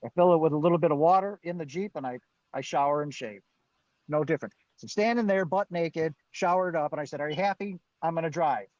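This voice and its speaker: A man's voice: on the high side, fast talker, darkish tone, dry recording. A man, a guest on a live Q&A, telling his own story with animation, acting out what he and others said and laughing now and then. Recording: dull, dry lo-fi stream audio.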